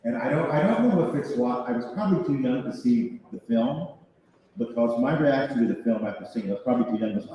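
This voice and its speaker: A man's voice: mid-range voice, fast talker, a little hiss or hum. Older man telling stories in an echoey hall. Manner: animated, self-mocking, chuckling anecdotes. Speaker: voice actor guest on a panel. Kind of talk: convention panel Q&A storytelling. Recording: echoey hall picked up from far off.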